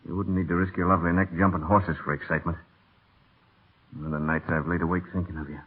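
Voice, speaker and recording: A brash young stable hand with a low, husky voice, bold and pleading. He speaks in 1930s radio drama style. The sound is tinny, like an old broadcast. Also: flat delivery, fast. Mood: ardent.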